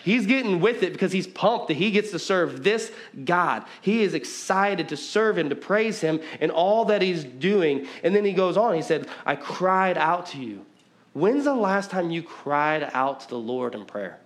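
A man's voice: high voice, lively intonation, measured pace. A man in his thirties preaching a casual sermon as pastor, talking conversationally with lots of "like" and jokey asides. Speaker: pastor and youth basketball coach.

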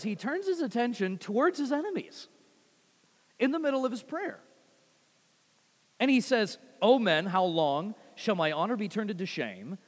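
A man preaching a sermon with animated delivery, swinging from loud rising phrases to quiet low ones and often repeating words. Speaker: pastor. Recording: long reverb of a large hall.

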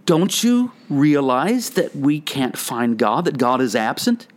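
A man's voice: medium pitch, big pitch swings, takes it slowly. A man voicing a frantic village madman who cries out and pleads, insistently asking questions.

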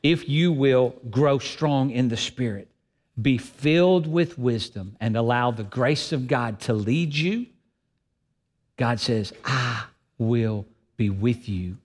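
A man's voice: mid-range voice, takes it slowly, darkish tone. A man preaching a sermon as pastor, earnest and emphatic, repeating phrases for effect. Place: church sanctuary. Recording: long hall reverb.

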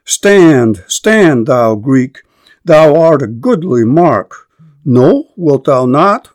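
A man's voice: a little high, big pitch swings, extremely slow, exaggerated voice. A man reading the part of a proud, courteous Trojan warrior prince in formal verse. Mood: bold.

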